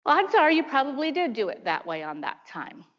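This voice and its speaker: A woman in her fifties, a prosecutor, giving a chatty seminar talk full of lively asides. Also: high voice, a little fast. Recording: dull lo-fi sound in a large hall.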